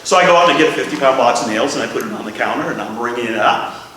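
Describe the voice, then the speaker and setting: Male preacher, animated storyteller, bright lively pitch, heard from a distance in a reverberant church with the congregation audible. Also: racing, a little hiss or hum. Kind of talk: sermon with humorous stories. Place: large church hall. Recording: echoey hall, from far off, congregation audible.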